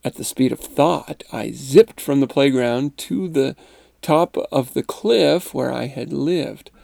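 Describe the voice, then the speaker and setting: Male host and reader, calm and measured, with a gravelly, dark tone and a dry close-mic sound. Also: mid-range voice, no echo. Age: adult parent. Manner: calm, measured reading; chuckling, conversational commentary. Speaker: narrator and podcast host. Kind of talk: reading a first-person account aloud, then commenting.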